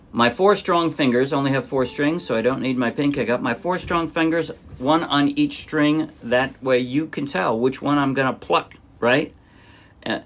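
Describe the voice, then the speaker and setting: A man teaching a ukulele song step by step in a relaxed, thinking-aloud way, with fillers and small self-corrections. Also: medium pitch. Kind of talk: casual step-by-step music lesson. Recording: ukulele playing under the voice.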